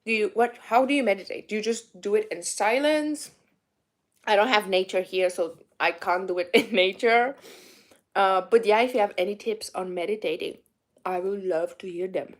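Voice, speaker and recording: A woman's voice: medium pitch, moderate pace. Young woman, Romanian accent, casual vlog chat, candid, rambling, lots of "like". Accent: Romanian, mixed with British and Irish. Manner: candid, rambling, many "like" fillers. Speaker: vlogger. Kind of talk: casual eat-with-me chat answering viewers.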